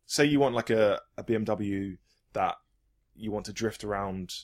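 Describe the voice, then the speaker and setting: A man with a somewhat low voice talks through a podcast conversation. He is enthusiastic and rambling, restarting his sentences as he goes. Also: normal speed. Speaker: podcast host. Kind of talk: casual podcast chat.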